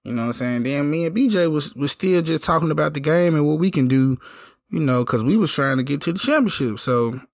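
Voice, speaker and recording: A hoarse man telling a story in a casual, slangy, laid-back way. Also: mid-range voice, a bit bright, dry recording, studio quality. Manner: laid-back slangy talk, lots of "you know what I'm saying". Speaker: podcast host telling a story.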